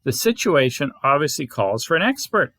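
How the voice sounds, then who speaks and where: A man's voice: on the high side, big pitch swings, moderate pace, pushed and bright, no room sound, studio quality. A man voicing a pompous, know-it-all male owl who speaks formally, for a storybook reading.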